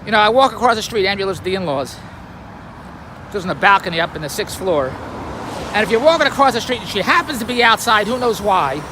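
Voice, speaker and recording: A man's voice: high-pitched, lively intonation, a little fast. A man telling a rambling, wry everyday story in a grumbling, self-amused way, recorded in a car by a busy street. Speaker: vlogger. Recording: noisy street traffic behind.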